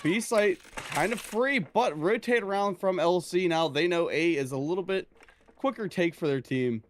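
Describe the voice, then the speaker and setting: A man's voice: high voice, normal speed. A man giving laid-back, analytical color commentary on an esports match. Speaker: esports co-caster.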